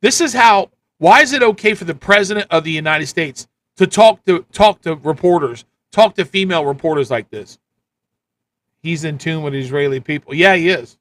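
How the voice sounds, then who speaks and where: A man running a live stream with a high, bright voice. He rants blunt political commentary, repeating his points. The delivery is casual and hard-hitting. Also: normal speed. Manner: ranting, repetitive, blunt. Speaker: livestream host.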